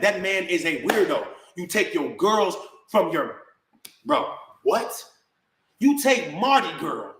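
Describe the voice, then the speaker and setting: Recorded in an echoey room, this man's high-sitting, somewhat bright voice carries a confrontational rant aimed at the camera. He fires back at critics using slang and keeps addressing people as "bro."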